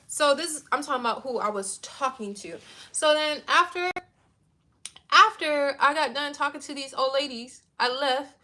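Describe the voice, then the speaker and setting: A woman with a high, bright voice tells a story in a casual livestream rant. She is blunt and swears freely, and she acts out every side of the exchange with lively energy. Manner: blunt and profane, animated retelling. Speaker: livestream host.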